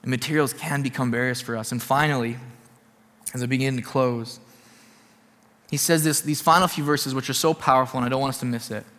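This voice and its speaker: A man's voice: mid-range voice, fairly even intonation, brisk, fairly bright tone, long reverb tail. A man preaching a sermon as a pastor, earnest and repeating his points for emphasis.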